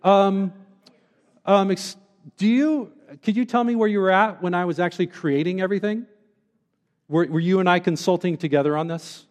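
A man's voice: sits high, moderate pace, a little mellow, long reverb tail, pitched above the performer's own voice, close to an everyday voice. A man voicing God as a stern male deity, questioning in a dry, mock-polite, sarcastic way.

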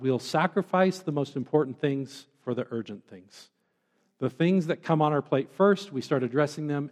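Male pastor delivering an earnest sermon, slightly high voice, reverberant hall. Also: darkish tone.

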